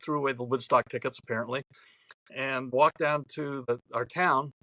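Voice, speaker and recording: A man's voice: medium pitch, steady tone, moderate pace, bright, forceful tone, no echo, rough recording. A man in his seventies from New York State, telling a long rambling story as a podcast guest, with chatty restarts. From New York State, USA. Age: 70s. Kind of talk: storytelling anecdote.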